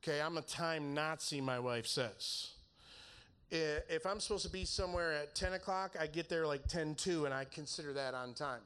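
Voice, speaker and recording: A man's voice: on the high side, moderate pace, fairly bright tone, clean tone. A man preaching in a casual storytelling way, laughing as he acts out the conversations in his story. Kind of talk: storytelling sermon.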